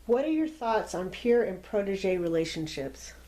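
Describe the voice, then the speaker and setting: Woman interviewer with a lively voice. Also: medium pitch, moderate pace. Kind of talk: interview questions.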